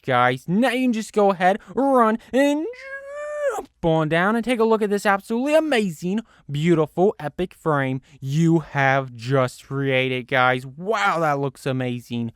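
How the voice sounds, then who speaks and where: A man hosting a gaming channel, giving gameplay commentary in a gushing, over-the-top excitable way, piling on superlatives with big swings in pitch and loudness. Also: no echo, studio quality.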